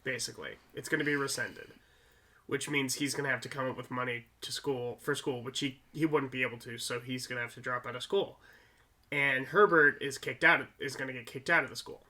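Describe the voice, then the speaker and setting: Bright-voiced man retelling a film. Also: medium pitch, brisk. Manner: animated retelling of scenes, acting out lines. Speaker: podcast co-host. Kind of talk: casual movie review chat.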